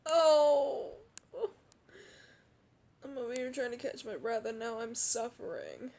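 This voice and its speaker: A young woman roleplay gamer comments on a game while hiccuping and out of breath, her chest aching. She laughs a lot, gasps and lets out drawn-out sighs. Her fairly high voice has lively intonation and a darkish tone, with slight background noise.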